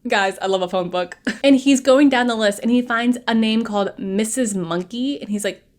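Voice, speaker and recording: A woman's voice: on the high side, normal speed. A woman giving a casual, sarcastic recap of a horror film, with playful asides to her viewers. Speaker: movie reviewer.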